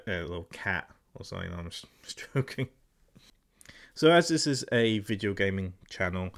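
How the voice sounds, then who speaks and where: A man's voice: lowish voice, creaky. An English man hosting a gaming channel, chatting casually in a self-deprecating way about a product. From England. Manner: chatty, self-deprecating, laughing between remarks. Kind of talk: casual product review chat.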